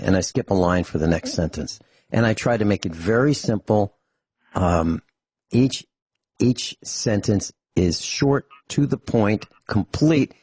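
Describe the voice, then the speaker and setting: A middle-aged man chats on a talk radio show, his voice slightly husky and close to a dry studio mic. He rambles through stories with many restarts and slips in dry jokes. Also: fairly low pitch, a little mellow, no room sound. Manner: rambling storyteller, frequent restarts, dry humor. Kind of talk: casual radio chat.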